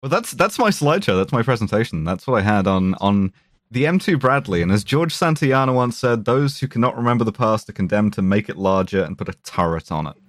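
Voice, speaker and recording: A man's voice: fairly low pitch, lively intonation, brisk, no room sound, clean studio sound. A man presenting a topic on a podcast in a casual, wry, informative way.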